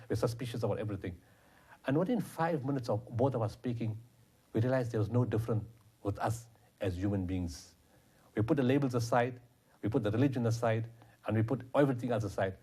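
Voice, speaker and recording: A man's voice: mid-range voice, fast talker, mellow, husky. A man, a guest telling stories passionately in an interview. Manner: passionate, quotes others in dialogue. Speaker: guest, charity founder. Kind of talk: interview storytelling.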